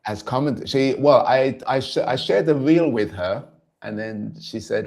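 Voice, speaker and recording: A man from Jamaica chatting as a guest, halting and repeating words, laughing often. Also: mid-range voice, vocal fry, a little mellow. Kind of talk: casual chat.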